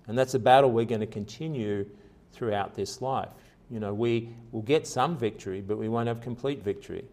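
A man's voice: mid-range voice, a little fast. Earnest male pastor preaching conversationally. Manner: earnest, conversational, with rising emphasis and soft quiet passages. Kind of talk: sermon.

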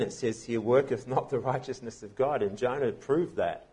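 A man's voice: medium pitch, moderate pace, mellow, breathy edge. A man preaching a sermon as pastor, telling a story in a conversational way with frequent restarts.

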